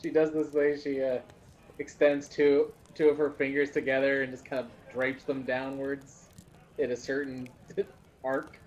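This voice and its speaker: A man's voice: medium pitch, monotone, normal speed, a little mellow, dull audio. A man playing a tabletop game, narrating his character's actions and laughing as he goes. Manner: amused, laughs while narrating. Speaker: player.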